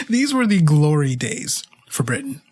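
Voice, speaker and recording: Male history podcaster; husky tone, lively delivery, chatty and wry. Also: fairly high pitch, slow pace. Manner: animated, wry, asides to listeners. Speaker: podcast host. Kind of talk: casual storytelling narration of history.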